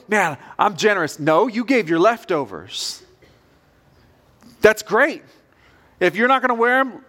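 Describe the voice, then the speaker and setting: Pastor guy with a pretty high voice, preaching straight and earnest, talks to the church like a friend. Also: a bit bright. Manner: earnest, direct, conversational preaching. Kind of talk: sermon.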